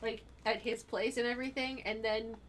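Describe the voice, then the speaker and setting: A woman's voice: on the high side, normal speed, slight background noise. A woman co-hosting a live stream, telling a story in casual chat and acting out the quotes with lots of energy. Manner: animated, acts out quotes, gets loud when excited. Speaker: stream co-host.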